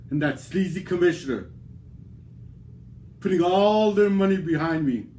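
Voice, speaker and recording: A man delivering a theatrical wrestling promo in a boastful, drawn-out, dramatic way. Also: sits high, a little mellow, a little hiss or hum.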